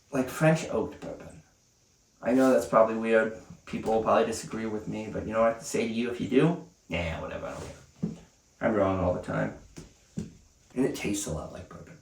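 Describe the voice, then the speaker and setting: A man giving a casual, rambling whiskey review, telling stories with lots of fillers. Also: fairly low pitch. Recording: roomy, mic at a distance.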